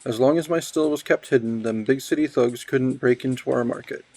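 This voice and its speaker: A man voicing an unrepentant jailed bootlegger, reading the lines out flatly in his own voice. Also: mid-range voice, a little fast, close to an everyday voice. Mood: smug.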